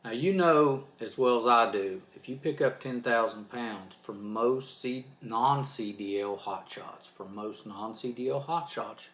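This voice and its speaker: A man's voice: mid-range voice, measured pace, few pauses, fairly bright tone, reverberant. A man hosting his own trucking channel, talking off the cuff in a fired-up, preachy, emphatic way. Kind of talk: off-the-cuff vlog rant.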